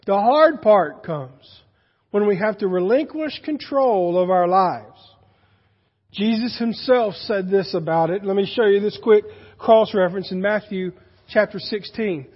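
A man's voice: sits high, unhurried, husky, long reverb tail, muffled recording. A male pastor delivering a sermon in a church, speaking conversationally and asking the congregation questions.

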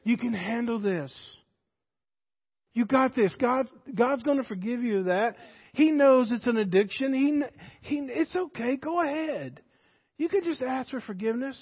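A preacher acting out a coaxing, taunting Satan. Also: male voice, extremely high pitch, lively intonation, moderate pace, slightly rough, full character voice. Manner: soft coaxing whisper turning to loud taunts. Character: deceitful male Satan, coaxing then mocking. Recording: dull recording in a reverberant hall.

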